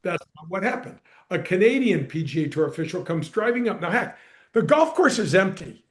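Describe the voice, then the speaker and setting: A middle-aged man tells his story on a podcast with energy and emphasis. His voice sits high for a man. He punches key words and keeps the telling moving. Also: sing-song, a little fast. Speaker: podcast guest, former pro golfer and radio host. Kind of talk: animated storytelling in conversation.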